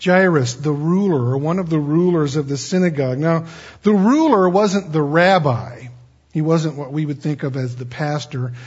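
A man's voice: a little high, a little mellow, breathy edge. A man preaching a folksy Bible-teaching sermon, chatty and digressive with joking asides, on a dull lo-fi recording.

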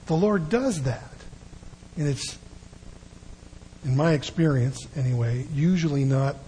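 A man's voice: a little high, warm tone, slight background noise, low-quality recording. An older man giving a folksy, conversational sermon with frequent asides. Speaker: preacher.

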